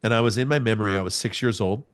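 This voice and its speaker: A man in his forties, a podcast guest, telling a personal testimony in a lively storytelling way with sound words. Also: fairly low pitch, very fast. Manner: animated storyteller, acts out scenes with sound words.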